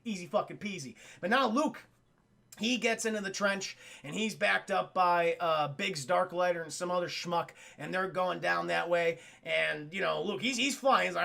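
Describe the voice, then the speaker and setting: Excitable, swearing young man streamer. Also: sits high, normal speed, vocal fry. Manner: swearing, excitable, acts out scenes. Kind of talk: casual film recap to chat.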